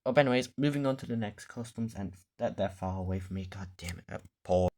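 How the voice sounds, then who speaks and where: A man's voice: on the low side, fast talker, dark tone. A man casually showing his toy collection in a vlog, rambling off the cuff and swearing when the camera loses focus. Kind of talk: casual show-and-tell vlog.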